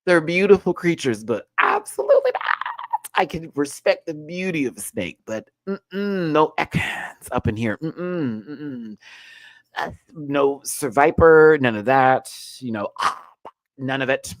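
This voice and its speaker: A man hosting a casual show recap, telling a personal story with lively, rising excitement. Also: a little slow, no echo. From Texas. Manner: animated storytelling, jumps high when excited. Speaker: show host.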